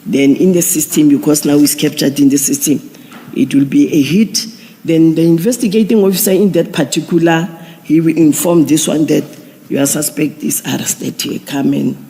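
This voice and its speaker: A man, a police general giving formal testimony at an inquiry, measured and procedural with frequent restarts. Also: a little high, fairly even intonation, dark tone. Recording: long hall reverb.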